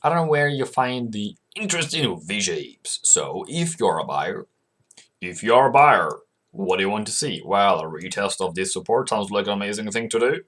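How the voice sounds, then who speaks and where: Lively chatty man talking through charts. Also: lowish voice, moderate pace, few pauses. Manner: asks himself questions and answers them; chatty, coaxes viewers as "mate". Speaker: forex trading channel host. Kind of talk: casual chart-analysis commentary.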